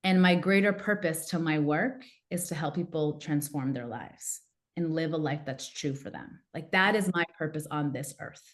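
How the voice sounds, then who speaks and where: Animated woman telling a personal story. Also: deep voice, moderate pace. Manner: animated, acts out quoted family members. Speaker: podcast guest, executive coach. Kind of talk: casual interview storytelling.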